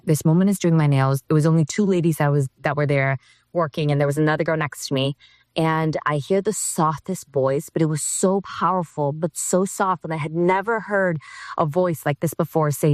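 A woman's voice: deep voice, a little fast, no room sound, clean studio sound. A woman earnestly telling a personal faith story as a guest, acting out what people said. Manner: earnest, vivid retelling with quoted dialogue. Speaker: guest sharing a testimony.

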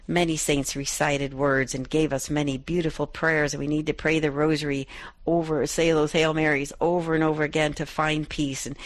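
The middle-aged host of a Catholic radio show reads a gospel passage's verses aloud again and reflects on them devotionally. Her deep voice stays level in tone at a moderate pace, with no echo.

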